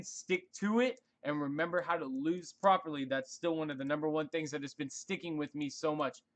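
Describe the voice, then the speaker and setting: A man's voice: a little high, fairly bright tone. Earnest man hosting a trading stream. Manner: earnest, encouraging, repeats "guys" often. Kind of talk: live stream sign-off, guided breathing.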